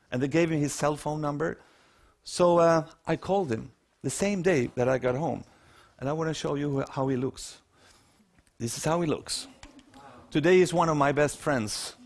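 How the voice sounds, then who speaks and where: Swedish guy telling a story on stage, voice a bit high, does little acted quotes. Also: normal speed. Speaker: keynote speaker. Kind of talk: storytelling talk to an audience.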